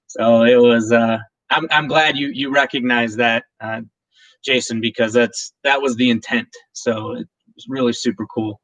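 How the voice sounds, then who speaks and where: A man's voice: medium pitch, fairly even intonation, fairly quick, a bit bright, dry recording. A man hosting a whiskey channel's live stream, chatting casually and emotionally with viewers and his partner. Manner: rambling, emotional, laughs often, many restarts.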